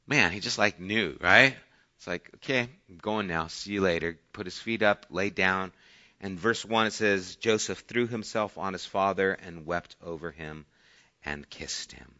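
A man preaching a sermon who reads scripture aloud and explains it conversationally, swinging between soft asides and emphatic points. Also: low voice, a little slow, dull audio. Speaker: pastor.

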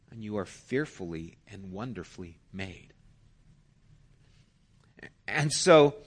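A male pastor delivers a sermon in an earnest, conversational tone. He makes his points through everyday stories. His voice sits at an ordinary middle pitch for a man. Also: fairly bright tone. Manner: earnest, conversational preaching with anecdotes.

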